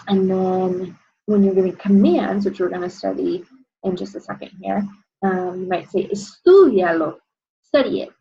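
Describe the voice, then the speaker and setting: A young adult woman, a Spanish teacher, walking students through an exam review and filling pauses with frequent "um"s. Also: medium pitch, mellow, dull audio, a little hiss or hum. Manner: explanatory, many "um" fillers.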